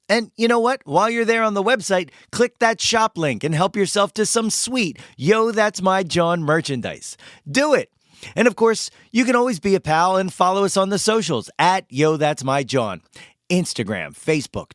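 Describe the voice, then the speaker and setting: A man hosting a podcast with a hoarse voice after losing it singing, talking in a playful, hyped-up way. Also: high voice, fairly bright tone, no room sound, clean studio sound. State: hoarse, lost his voice. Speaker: podcast host. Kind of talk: casual podcast chat and ad reads.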